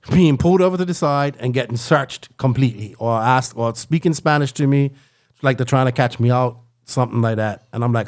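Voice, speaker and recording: A man telling a long travel story in casual podcast chat, rambling and animated, tagging lines with "right?" and "like". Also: mid-range voice, moderate pace.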